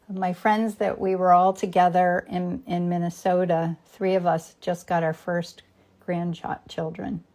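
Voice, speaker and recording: Chatty woman painting, slightly gravelly. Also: on the low side, darkish tone. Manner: chatty, thinks aloud, greets viewers by name; drops to a near whisper at times while working. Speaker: painter hosting a live painting demo. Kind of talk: casual live-stream chat while painting.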